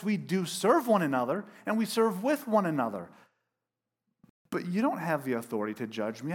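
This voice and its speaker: A male pastor preaches to a room full of his congregation. His voice sits a little high. He talks in an animated, emphatic way with self-deprecating asides. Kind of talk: sermon.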